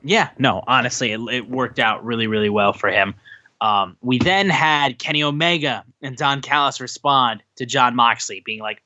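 A man's voice: medium pitch, moderate pace, muffled recording. A man co-hosting a wrestling podcast, recapping a show casually and acting out quotes. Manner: animated retelling, acts out quotes. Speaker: podcast co-host.

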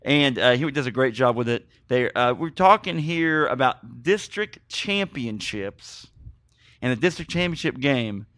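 A man hosting a podcast, rambling in excitable, apologetic stories. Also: mid-range voice, a little slow, dry recording, clean studio sound. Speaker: podcast host. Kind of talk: casual podcast chat.

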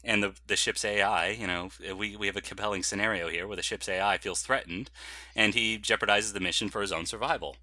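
A man's voice: lowish voice, fairly quick, sharp tone, dry recording. A man co-hosting a film podcast, chatty and laughing often, with frequent restarts. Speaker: podcast co-host. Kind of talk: casual film chat.

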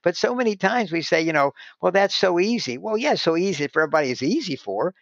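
A man's voice: on the high side, expressive, quick pace, dry recording. A man guest telling stories in casual conversation, often restarting his sentences. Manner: rambling, restarts sentences, heavy "you know" filler. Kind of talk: conversational storytelling. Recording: dull lo-fi dry sound.

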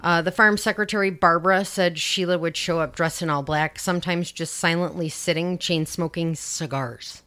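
A female podcast host casually walks through a true-crime case, chatty and given to sarcastic, sweary asides. Her voice is on the low side, steady, fairly bright and clean, at a normal speed with few pauses.

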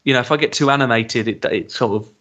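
A man talking casually as co-host of a podcast. He hesitates often with ums and restarts, then grows animated and jokey. His voice sits at an ordinary middle pitch. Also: quick pace, muffled recording. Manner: chatty, hesitant with many ums, animated when joking. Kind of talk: casual chat reviewing a TV episode.

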